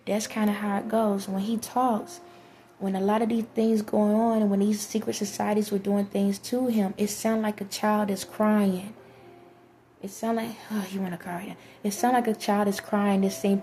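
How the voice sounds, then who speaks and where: Woman, flat delivery, rambling earnest vlog monologue, faint background noise. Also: medium pitch, normal speed. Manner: earnest, rambling, addresses viewers directly. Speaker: vlogger. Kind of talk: spiritual monologue to viewers.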